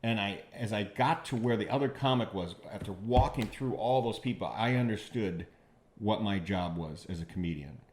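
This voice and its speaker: A man, a comedian guest on a podcast, telling stories in casual chat, halting and repeating words, lively when he quotes others. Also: on the low side, slight background noise.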